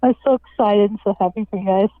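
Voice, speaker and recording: A woman's voice: medium pitch, fast talker, no echo. A woman calling in to a live stream, chatting in an effusive, emotional way and laughing often. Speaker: caller. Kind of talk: casual chat on a live stream. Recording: tinny phone line.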